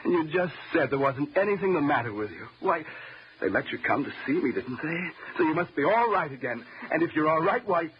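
A man's voice: fairly high pitch, animated, a little fast, close to an everyday voice. A man playing a frightened, stammering husband. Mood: placating. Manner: nervous, stammering, placating. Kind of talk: 1940s radio acting. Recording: dull old radio recording, faint hiss.

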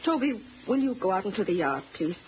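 An actress playing an upset, protective housekeeper mother who talks in an emotional, halting way, in old-time radio drama with a dull, faintly hissy recording. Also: medium pitch, sing-song, natural voice. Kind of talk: 1940s radio acting.

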